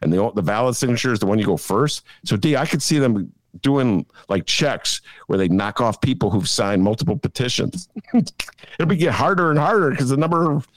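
A man's voice: mid-range voice, lively intonation, normal speed, no room sound. A man from Chicago hosting a podcast, talking in a rambling, opinionated way with lots of fillers. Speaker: podcast host. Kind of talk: casual political chat.

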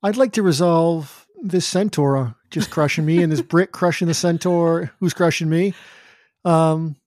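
A man's voice: on the high side, measured pace, darkish tone, dry recording, clean studio sound. A man playing a tabletop game, rambling and playful with hesitant fillers. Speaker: player. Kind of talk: casual tabletop play.

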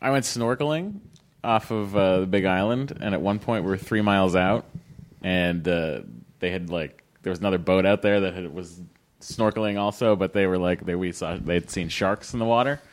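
A man's voice: sits low, moderate pace. A man casually telling a story on a podcast, loose and full of fillers and swearing. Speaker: podcast co-host.

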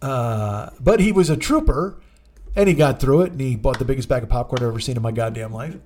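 A man's voice: mid-range voice, a little fast, darkish tone. A man telling a rambling, profane comic story in a casual podcast chat, acting out the people in it. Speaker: podcast host.

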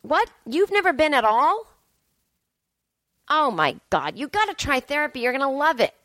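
Woman, 40s, podcast host, self-mocking casual chatter, slightly high voice. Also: big pitch swings, moderate pace, fairly bright tone, no room sound. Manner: chatty, sarcastic, self-deprecating storytelling. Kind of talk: casual solo podcast monologue. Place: hotel room.

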